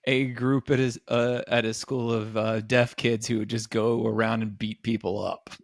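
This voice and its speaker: A man's voice: mid-range voice, level tone, moderate pace, creaky, dry recording, clean studio sound. A man co-hosting a comedy podcast in casual chat, teasing his co-host with jokey asides and frequent laughs.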